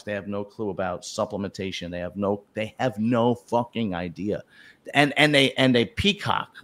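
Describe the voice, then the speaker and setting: A man hosting a casual chat, talking bluntly and profanely, rambling with many restarts. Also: mid-range voice. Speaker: host.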